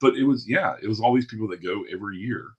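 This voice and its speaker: A man hosting a podcast, ranting in casual chat with blunt, profane energy. His voice is husky and sits fairly low, and the words come out at a rapid clip. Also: darkish tone, lo-fi sound. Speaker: podcast host.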